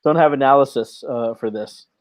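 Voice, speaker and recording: A man co-hosting a podcast who talks in a relaxed, hesitant way and pokes fun at himself. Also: medium pitch, moderate pace. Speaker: podcast co-host. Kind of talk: casual podcast chat.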